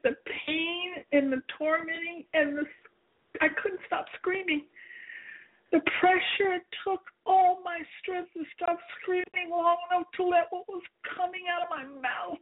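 Woman author reading her memoir aloud, high-pitched, earnest and emotional, phone-quality audio. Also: normal speed. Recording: tinny phone-like sound.

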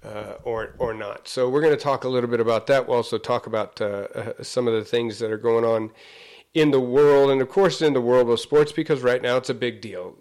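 A man's voice: mid-range voice, a little fast, darkish tone. A man co-hosting a casual sports chat show in a studio, rambling and laughing, often trailing off mid-sentence. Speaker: co-host. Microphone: studio mic.

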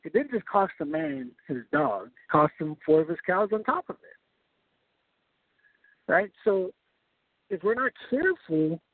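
Lively high-voiced preacher, tinny sound. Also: male voice, slow, vocal fry, pauses often, no echo. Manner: explains step by step, often checking in with "right?". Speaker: preacher leading a Bible study. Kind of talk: sermon-style Bible teaching. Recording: tinny phone-like sound, dry.

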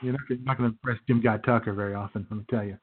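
A man's voice: lowish voice, steady tone, racing, breathy edge. A man co-hosting a radio talk show, telling stories casually with many fillers. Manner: rambling storyteller with many fillers. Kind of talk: casual chat. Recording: tinny phone-like sound.

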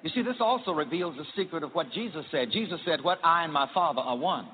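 High, lively male preacher in a hall. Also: fast talker, slight background noise. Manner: emphatic, repeats phrases for the congregation to echo. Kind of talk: sermon with call-and-response. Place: church hall with a congregation. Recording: tinny archival sermon recording in a reverberant hall.

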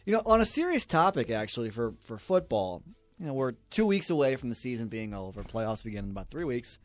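A man hosting a casual talk show, upbeat and quick with wisecracks as he plays clips. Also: medium pitch, sing-song, soft background music. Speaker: show host playing clips.

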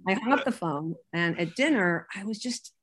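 A woman's voice: medium pitch, normal speed, breathy edge. An older woman, an author and writing teacher, telling a funny story as an interview guest, acting out the voices and laughing often. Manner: lively raconteur, acts out quotes, laughs often.

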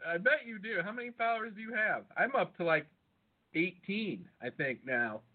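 High, lively man on a tinny line. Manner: excitable, swearing, quick to speculate. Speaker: podcast co-host. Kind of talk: casual chat. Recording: phone-like narrow sound.

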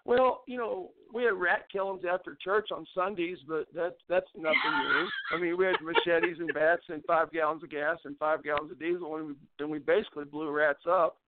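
A man's voice: on the high side, steady tone, brisk, few pauses, noisy background. An older man, telling rambling folksy stories as an interview guest and often restarting his sentences. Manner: rambling folksy storyteller, frequent restarts, laughs at his own tales. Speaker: interview guest, former baseball pitcher. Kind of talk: storytelling in a casual interview. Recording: tinny phone line.

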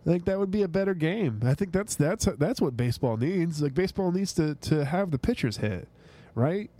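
A man's voice: on the high side, expressive, normal speed, warm tone, dry recording. A man hosting a sports podcast, chatting casually and ranting with swearing and frequent restarts. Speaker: podcast host.

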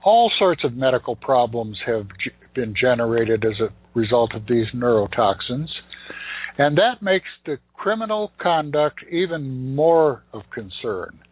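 A man's voice: medium pitch, very animated, a little slow, slightly rough. A man, a beekeeper guest in an interview, speaking bluntly and emphatically with indignation. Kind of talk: interview talk. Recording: tinny phone line, dry.

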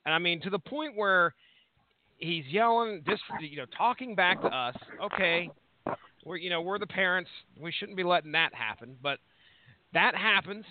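Thirties male co-host, high voice, rambling and profane, tinny dry line. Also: animated, normal speed. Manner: rambling, swears freely. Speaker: podcast co-host. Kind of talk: casual profane chat.

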